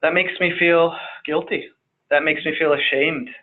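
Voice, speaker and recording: A psychiatrist speaking emphatically as a guest, often repeating words and tagging on "right?". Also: male voice, fairly high pitch, fairly even intonation, normal speed, slight background noise. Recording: phone-quality audio.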